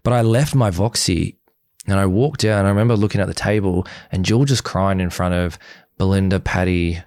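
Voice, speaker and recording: Low-voiced man telling a story. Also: brisk, no room sound. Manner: animated retelling, acts out quoted dialogue, frequent swearing. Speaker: guest, former reality show contestant. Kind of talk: casual interview storytelling.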